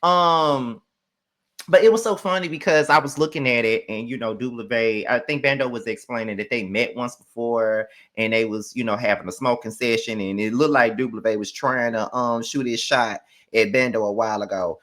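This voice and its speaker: A man hosting a casual reality show recap, ranting in an animated, profane and sassy way. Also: medium pitch, normal speed. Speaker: host.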